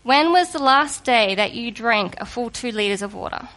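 A woman giving a sermon to a congregation in a lively, conversational and humorous way, just getting over a cold. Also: a little high, moderate pace. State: recovering from a cold. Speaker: preacher.

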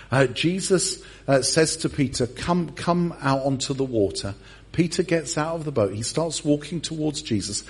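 A man's voice: mid-range voice, a little mellow, husky. A man, a pastor giving a humorous sermon in a church service and acting out the story. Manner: humorous storyteller with comic voices.

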